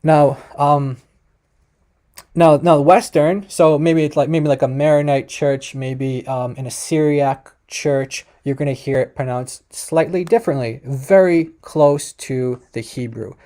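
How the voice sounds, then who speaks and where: Warm and a little high, this man's voice keeps a steady tone and measured pace as he hosts a video about a language. He addresses viewers directly, explaining casually with frequent fillers and restarts.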